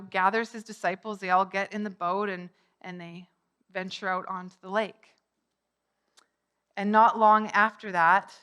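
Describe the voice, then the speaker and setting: A woman's voice: fairly high pitch, a bit bright. A middle-aged woman preaching a sermon in a conversational way, lifting her voice for quoted cries. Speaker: pastor.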